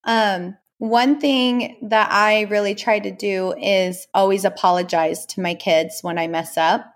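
A woman's voice: mid-range voice, fairly even intonation, a little slow. Chatty woman podcast host. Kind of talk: casual podcast interview.

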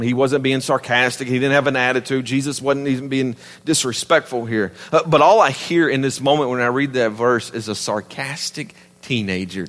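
A man in his thirties with a Southern US accent, preaching a sermon in an animated, emphatic and conversational way. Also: mid-range voice, long reverb tail. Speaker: pastor.

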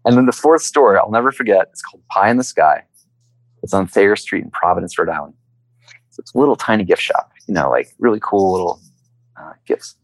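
Speaking fairly quickly in a low voice, this man is an entrepreneur being interviewed. He tells his story conversationally, with animation, acting out each quote. The audio is rough, though free of echo.

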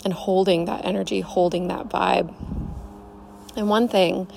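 A woman's voice: mid-range voice, steady tone, unhurried, gravelly, darkish tone, slight background noise. A young woman hosting a podcast, giving an emphatic, casual motivational talk, swearing freely and calling the listener babe. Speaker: podcast host, coach.

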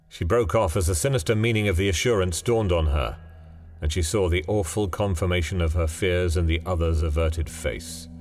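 Deep-voiced man telling a ghost story. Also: darkish tone. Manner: measured, dramatic storytelling. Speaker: narrator. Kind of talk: scripted ghost story narration. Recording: long hall reverb, faint music.

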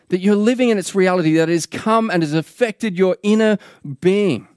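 A man's voice: fairly high pitch, darkish tone, no room sound, studio quality. A man preaching a sermon in an earnest way, repeating key phrases for emphasis.

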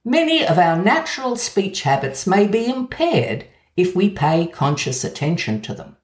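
A woman with an Australian accent reading a measured, gently wry scripted essay about language. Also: fairly low pitch, very animated. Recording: roomy echo.

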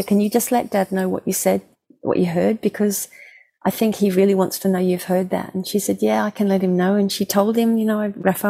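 Mellow, husky-voiced woman mediator. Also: mid-range voice. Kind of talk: personal storytelling in an interview.

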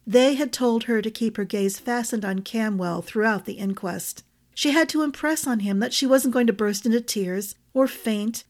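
A woman narrating a fantasy story with a steady, expressive reading. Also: medium pitch. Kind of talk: audiobook narration.

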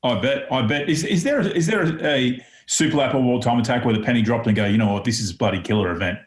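A man's voice: mid-range voice, fast talker, roomy sound. A man interviewing a guest, asking short, agreeable questions. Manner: brief, agreeable questions and nods. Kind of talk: casual interview.

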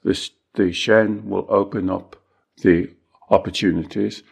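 A middle-aged man with a low, gravelly voice talks through spiritual teaching. He is unhurried and reflective, leaning into slower phrases for emphasis. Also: fairly even intonation. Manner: measured, reflective, slows down for emphasis. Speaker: Taoist teacher and coach. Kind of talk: calm spiritual teaching chat.

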